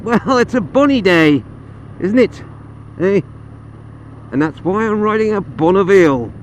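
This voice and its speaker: A plummy, jolly upper-class English gentleman, put on by a man in a lifted, chirpy register. He drawls in exaggerated posh tones from the saddle of a motorbike, with loud wind and engine roar in the background. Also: high-pitched, animated, measured pace, voice pushed up. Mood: jolly pompous. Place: riding a motorcycle outdoors on roads.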